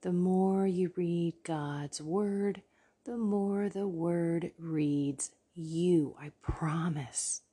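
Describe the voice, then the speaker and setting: Breathy whispering woman, slow and low. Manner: hushed whisper, earnest and encouraging. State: tired late-night voice. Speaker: podcast host. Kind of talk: whispered late-night devotional podcast. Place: downstairs at home at night.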